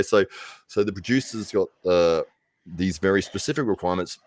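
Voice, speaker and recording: A man's voice: sits low, fairly even intonation, a little fast, darkish tone, no room sound. An Australian man hosting a livestream in casual chat, laughing often and acting out voices as he tells stories. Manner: chatty, laughs often, acts out voices in anecdotes. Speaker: livestream host.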